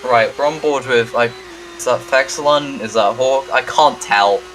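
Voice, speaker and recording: A man giving casual, joking commentary on a sim race, often halting and poking fun at himself. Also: medium pitch, a bit bright, slight background noise, low-quality recording. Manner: joking, self-deprecating, halting.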